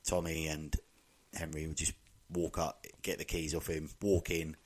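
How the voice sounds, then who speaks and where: A very deep-voiced man talks through a film plot in an easy, casual way. He slips into the characters' lines now and then. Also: normal speed. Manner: relaxed, laughing, quotes film lines. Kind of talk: casual chat recapping a film.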